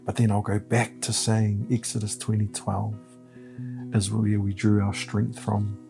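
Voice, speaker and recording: A man and family caregiver, speaking in a soft, reflective way about his faith and his family. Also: on the low side, monotone, unhurried, gravelly, over music. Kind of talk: reflective personal interview.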